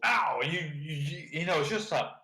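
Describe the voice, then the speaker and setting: A man running a tabletop game as dungeon master, narrating actions and prompting players in a relaxed way. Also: a little high, fairly quick, noisy background. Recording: echoey room.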